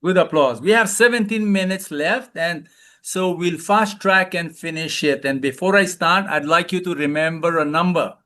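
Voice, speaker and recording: A man coaching a live webinar, loud and playful, calling out repeated commands and leading laughter exercises over a video call. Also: on the high side, moderate pace. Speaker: wellness coach, webinar speaker.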